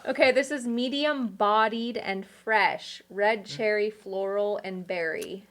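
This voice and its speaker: Woman, co-host, casual, laughs often, mid pitch. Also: slow pace, a bit bright. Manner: laughs often, explains the wine. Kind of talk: casual chat.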